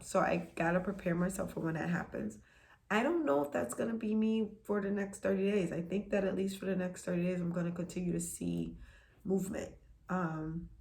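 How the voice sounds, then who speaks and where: An earnest woman talks straight to her viewers in a casual vlog, her low voice gravelly with fry. She repeats phrases for emphasis and often sinks to a soft near whisper. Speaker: vlogger sharing a health journey.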